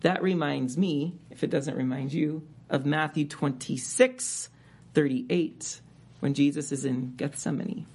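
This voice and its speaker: A man's voice: fairly high pitch, measured pace, darkish tone, slightly rough. A man preaching a sermon as a pastor, reading scripture aloud and rising in emphasis on key words.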